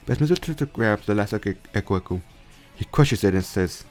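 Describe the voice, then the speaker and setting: Young guy w a low voice telling a fan story, lots of restarts and fixing his words. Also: animated, fairly quick, a little mellow, faint music behind. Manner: rambling with frequent restarts and self-corrections. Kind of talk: casual retelling of a fan story.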